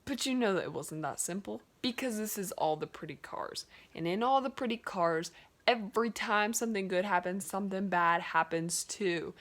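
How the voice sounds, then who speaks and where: A woman's voice: medium pitch, moderate pace, a bit bright. A young woman casually retelling a story, chatty and peppered with "like" and "um". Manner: chatty, full of "like" and "um".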